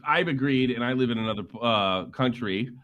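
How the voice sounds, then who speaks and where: A man's voice: mid-range voice, fairly quick, a bit bright, highs cut off. A man cohosting a live podcast, complaining in frustration about a fellow cohost. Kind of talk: casual chat on a live podcast.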